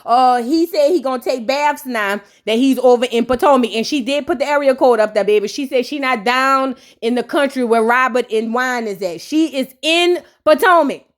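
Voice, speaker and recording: Sassy high-voiced woman recapping reality TV. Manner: sassy, slangy, rapid-fire mocking commentary. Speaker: reality TV reviewer. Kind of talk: casual comedic recap.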